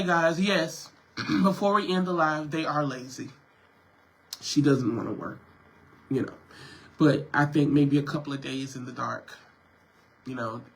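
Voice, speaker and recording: A man's voice: mid-range voice, a bit bright, low-quality recording. A sick man, venting to his viewers on a livestream from home and coughing. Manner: emotional, repetitive, addresses viewers as y'all. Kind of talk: casual livestream talk.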